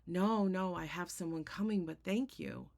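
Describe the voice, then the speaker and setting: Woman doing a scared stubborn guy begging god to save him, low and gravelly. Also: normal speed, a little mellow, natural voice. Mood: insistent. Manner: pleading, insistent refusals. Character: frightened stubborn man awaiting rescue from God.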